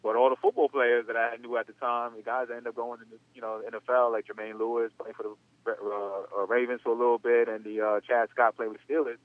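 Fast-talking man on a phone line. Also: medium pitch, flat delivery, no room sound. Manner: rambling, loose, full of "you know". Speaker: interview guest, former athlete. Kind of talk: casual spoken storytelling. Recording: dry, tinny phone-line sound.

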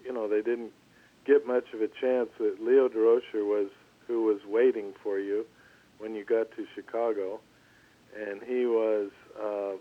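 Older male guest on a phone line, relaxed and rambling, plenty of restarts. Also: lowish voice. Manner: relaxed, halting, lots of restarts. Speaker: former pitcher, guest. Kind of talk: storytelling interview.

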